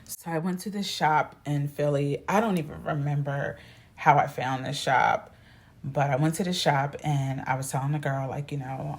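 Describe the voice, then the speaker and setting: Low-voiced woman telling a story. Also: moderate pace. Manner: chatty, animated, acts out quoted voices. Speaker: vlogger. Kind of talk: casual storytelling to camera.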